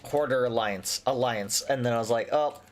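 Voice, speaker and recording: A man's voice: medium pitch, moderate pace. Easygoing man, faint hiss behind. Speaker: gaming streamer co-host. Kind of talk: casual chat while playing a game.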